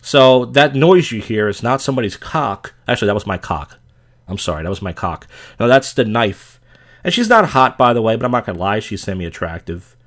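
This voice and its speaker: A man's voice: lowish voice, sing-song, fairly quick, fairly bright tone. A man from the US Mid-Atlantic hosting a show, giving blunt, crude, joking commentary on viral clips. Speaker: host reacting to viral clips. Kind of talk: casual commentary.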